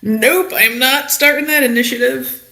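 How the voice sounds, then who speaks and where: A woman's voice: sits high, normal speed, gravelly, pushed and bright, roomy sound. A woman playing in a tabletop game who talks in a sarcastic, blunt way. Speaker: player.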